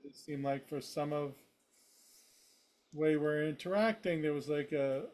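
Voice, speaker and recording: A man's voice: on the high side, a little slow, a little mellow, slight background noise. A man in an online class who gives a classmate feedback, hesitating and searching for his words. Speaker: class participant.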